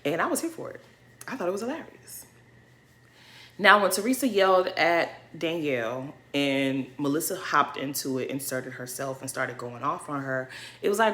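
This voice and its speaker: A woman's voice: low-pitched, animated, moderate pace, pushed and bright. A woman giving a blunt, opinionated recap of a reality TV episode, scolding the cast directly with slangy asides. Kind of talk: opinionated casual commentary.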